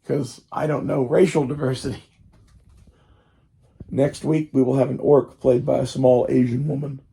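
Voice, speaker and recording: A man with a gravelly, husky, strained voice rambles in a loose casual monologue. His tone is dark and mellow. He swears freely and fills his talk with fillers as he wanders from point to point. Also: medium pitch, level tone, normal speed. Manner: profane, meandering, full of fillers.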